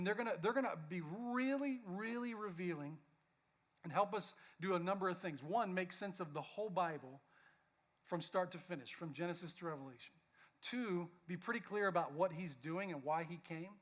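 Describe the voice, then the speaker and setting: Pastor, male, high-pitched, wry storyteller's delivery, sermon with comic bits. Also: a bit bright. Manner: playful, reads mock social posts aloud. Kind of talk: humorous sermon. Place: church.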